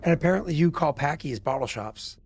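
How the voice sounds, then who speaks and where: A man's voice: on the high side, brisk, slight background noise. A man with a New England accent, hosting a live tabletop stream in casual chat and acting out quotes as he tells stories. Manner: animated storyteller, swears, acts out quotes. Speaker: game master and stream host.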